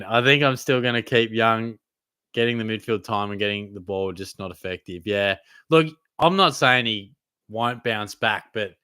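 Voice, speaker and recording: Answering fantasy football questions from his viewers, this young Australian host keeps his live stream Q&A relaxed and blokey, addressing people as mate. He speaks in a lowish voice with no room sound.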